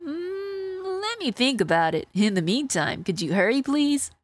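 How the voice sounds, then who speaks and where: A woman's voice: high voice, big pitch swings, a little slow, faint music behind, voice pushed up. A woman reading aloud for a determined young woman from a game, earnest and matter-of-fact.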